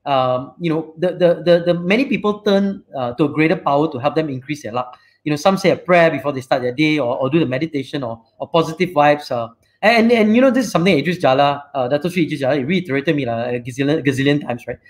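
A man with a Malaysian English accent hosts a casual live chat over a video call, his voice sitting a touch high for a man. He rambles through stories, dotting every thought with "right?" and "you know". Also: quick pace. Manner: rambling, frequent fillers and "right?" tags. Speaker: show host and company CEO.

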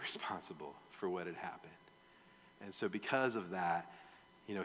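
A man's voice: lowish voice, pushed and bright, long reverb tail. A male pastor teaching a verse-by-verse sermon in a conversational way, often asking his audience questions. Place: church sanctuary.

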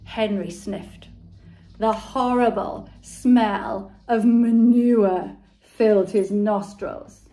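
Slow, expressive woman storyteller. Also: mid-range voice. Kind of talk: children's story read-aloud.

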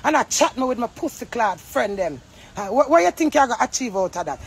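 A woman's voice: a little high, very animated, quick pace, breathy edge. A Jamaican woman ranting angrily on a phone livestream, heated, profane and accusing. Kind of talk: angry livestream rant.

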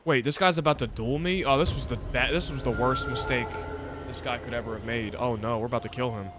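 A young man giving casual, excitable commentary over his first playthrough of a video game, talking back at the game and using slang. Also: mid-range voice, a little fast, noisy background. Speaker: gamer. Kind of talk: let's play commentary.

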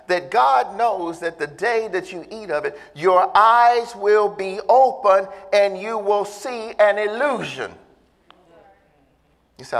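A pastor preaching a sermon, speaking emphatically and drawing in the congregation with questions. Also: male voice, high voice, fairly bright tone. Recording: long reverb of a church hall.

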